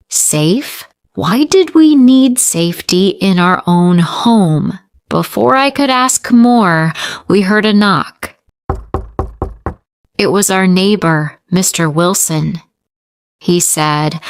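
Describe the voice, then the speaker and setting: A woman reading a first-person story aloud slowly and carefully for English learners. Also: mid-range voice, animated, smooth, dry recording, studio quality.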